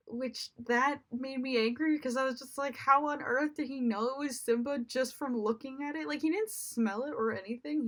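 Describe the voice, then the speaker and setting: A young woman giving a casual spoken movie review, chatty and exasperated, with lots of fillers. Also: on the high side.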